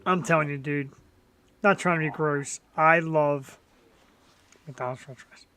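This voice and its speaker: A woman's voice: low-pitched, steady tone, measured pace, a bit bright. A woman hosting a live stream, talking loosely and laughing often. She trails off and restarts mid-thought. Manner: giggly, crude banter, trails off. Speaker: host. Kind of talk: casual live-stream chat.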